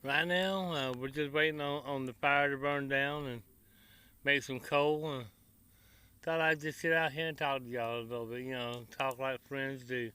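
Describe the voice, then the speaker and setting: A man's voice: mid-range voice, fairly even intonation, normal speed, sharp tone, clean tone. A man with a Tennessee Southern accent, chatting casually outdoors by his grill to his vlog viewers in a folksy, rambling way. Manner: folksy, rambling, country slang. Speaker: barbecue vlogger. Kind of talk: casual outdoor chat to camera.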